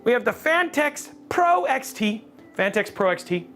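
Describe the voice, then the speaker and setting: A man's voice: very high-pitched, unhurried. A man hosting a live PC-building stream, joking and chatting with viewers as he works. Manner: animated, jokey, chatting with viewers. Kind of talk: casual live-stream chat while building.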